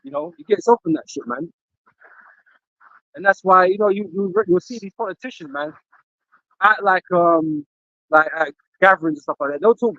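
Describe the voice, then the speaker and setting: A man's voice: high-pitched, fairly quick, bright, forceful tone, no room sound, lo-fi sound. A man speaking heatedly in a religious camp talk, cursing and ending lines with "man" and "you know". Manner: angry, profane, repeats "man" and "you know".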